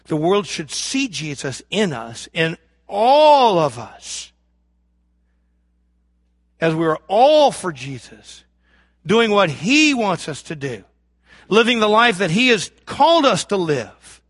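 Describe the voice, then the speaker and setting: Fervent high-voiced man preaching. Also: big pitch swings, slow pace, long pauses, no room sound, clean studio sound. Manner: fervent preaching, swinging from loud emphasis to hushed lows; acts out imagined prayers and voices of the congregation. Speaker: pastor. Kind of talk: sermon.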